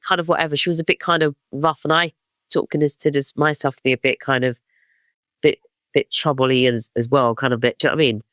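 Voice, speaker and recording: A man's voice: on the high side, steady tone, fast, fairly bright tone, dry recording. A man in his fifties from East London with a London accent, telling rambling stories as a guest, full of fillers and restarts. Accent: London English. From East London, England. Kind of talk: casual storytelling interview.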